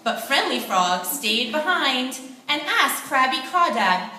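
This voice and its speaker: Bright, animated female storyteller for a kids' play; echoey room, mic set back. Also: high-pitched, slow pace. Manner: lively, expressive storytelling. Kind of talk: children's play narration. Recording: echoey room, distant mic, faint noise.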